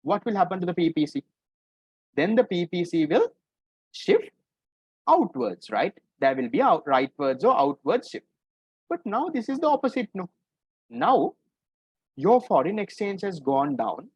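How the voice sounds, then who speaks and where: Animated, husky Sri tutor. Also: male voice, sits high, moderate pace, no room sound. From Sri Lanka. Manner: explains step by step, keeps asking students "right?". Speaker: economics tutor. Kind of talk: online exam-paper lecture. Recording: dull lo-fi recording.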